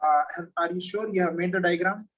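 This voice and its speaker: A man with a high, slightly husky voice tests a student over a video call. He talks patiently, repeats each question slowly and checks every step. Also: a bit bright, rough recording. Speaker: physics teacher. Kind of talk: online oral exam questioning.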